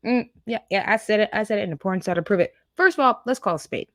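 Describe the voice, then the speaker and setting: A woman's voice: medium pitch, quick pace, hardly any pauses, a bit bright, dry recording. A woman hosting a political reaction show, scornful and sarcastic as she talks over clips. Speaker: political commentary host.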